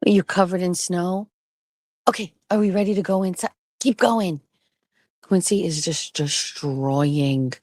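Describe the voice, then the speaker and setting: A woman in her forties chatting casually to camera, slipping into a high cooing voice for her dogs. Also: moderate pace, pauses often, darkish tone, no room sound. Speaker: vlogger. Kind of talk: casual vlog chat.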